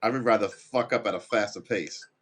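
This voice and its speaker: A man's voice: fairly low pitch, brisk, fairly bright tone, a little hiss or hum. A man chatting casually on a live stream while he practices guitar at home, rambling and mocking himself. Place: room at home.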